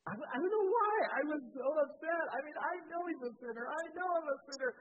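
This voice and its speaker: Pastor preaching over a tinny line. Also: male voice, fast talker. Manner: animated storytelling with sudden rises in pitch and volume. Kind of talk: sermon with personal storytelling. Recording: tinny phone-like sound with faint noise.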